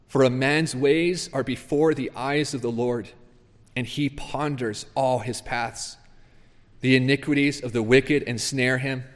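A man preaching a sermon, reading scripture aloud and pressing his points with earnest emphasis. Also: mid-range voice. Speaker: pastor. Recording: long reverb of a large hall.

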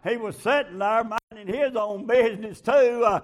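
Man, very high pitch, preacher, chanted sermon, shouts. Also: normal speed. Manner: chanted preaching with a filler before each phrase, rising to shouts.

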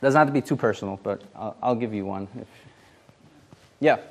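A man's voice: on the low side, moderate pace. A man leading a casual Bible study, chatty and full of fillers, often asking the group questions. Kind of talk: casual interactive Bible teaching.

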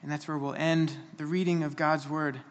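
A man's voice: a little high, level tone, moderate pace, in a large hall. A man preaching a sermon, earnest and emphatic, often restarting his phrases.

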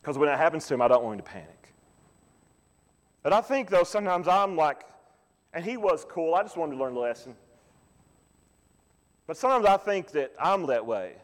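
A man's voice: a little high, big pitch swings, moderate pace, long pauses. A man in his thirties preaching a sermon in a folksy, conversational way with touches of humor. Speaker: pastor. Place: church sanctuary. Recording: long church reverb.

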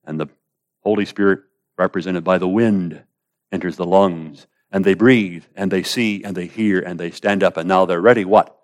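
Male preacher, low voice, declamatory sermon delivery with hushed asides. Casting note: quotes old-style scripture. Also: steady tone, moderate pace. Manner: declamatory, swinging between raised emphasis and hushed asides.

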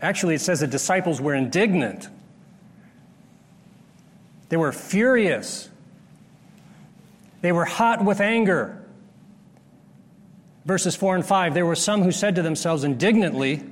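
A man preaching a sermon, explaining a Bible passage step by step and pausing to restart his phrases. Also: high-pitched, lively intonation. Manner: explanatory, rises sharply when acting out the disciples' scolding. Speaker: pastor. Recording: long hall reverb.

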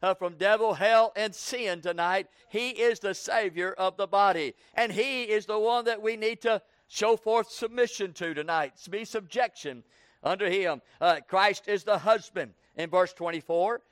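High-voiced preacher calling out. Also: male voice, measured pace, fairly bright tone, smooth, dry recording, clean studio sound. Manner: call-and-response preaching, asks the congregation "Amen?"; rhythmic repetition, rising to a fervent pitch. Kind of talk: sermon.

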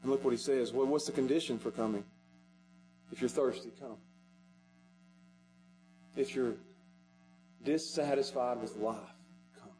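A male pastor preaching a sermon in a church sanctuary, repeating his pleas with passion and swinging from loud pleading to hushed. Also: mid-range voice, measured pace, long pauses, soft background music, rough recording.

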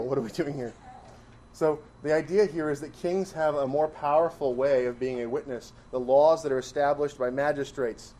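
A pastor with a mid-range voice preaches a sermon, emphatic and full of rhetorical questions, swinging between loud stresses and quiet asides. There is slight background noise.

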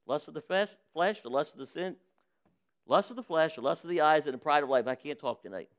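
Preacher guy, pretty high clear voice, folksy, does little voices for the people he quotes. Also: lively intonation, fairly quick. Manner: preaching with acted-out quotes of sinners and God; folksy direct address to the congregation. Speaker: pastor. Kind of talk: sermon.

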